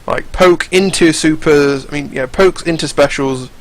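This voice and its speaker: A man's voice: fairly high pitch, unhurried, low-quality recording. Rambling, cursing young man. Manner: rambling, profane, frequent restarts. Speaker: fighting game commentator. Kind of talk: casual commentary over game footage.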